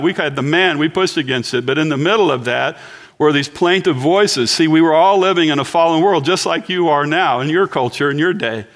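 A man's voice: fairly high pitch, a bit bright. A man in his sixties preaching a sermon in a church, chatting and joking with the congregation. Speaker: pastor.

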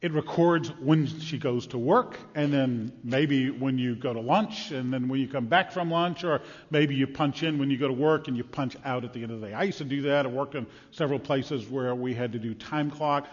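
A man preaching a sermon in a lively, conversational way, acting out quotes as he goes. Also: medium pitch, moderate pace, hardly any pauses, in a large hall, muffled recording. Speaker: pastor.

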